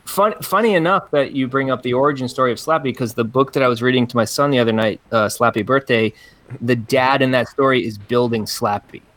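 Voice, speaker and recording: A man's voice: mid-range voice, a little fast, a bit bright, no room sound. Matter-of-fact man, dry sound. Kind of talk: casual chat.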